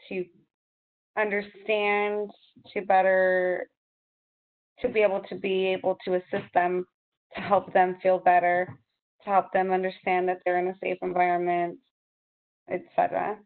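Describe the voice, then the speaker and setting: A woman speaks in a flat, even tone over a thin, phone-like call. She halts often and searches for her words, restarting phrases as she goes. Her voice stays steady in pitch. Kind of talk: casual conversation. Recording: tinny phone-like line.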